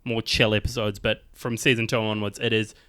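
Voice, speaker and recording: A man's voice: fairly low pitch, little pitch movement, a little fast, a bit bright, smooth, no room sound, clean studio sound. A young man chatting casually as a podcast co-host, rambling with lots of fillers and frequent laughs. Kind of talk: casual chat.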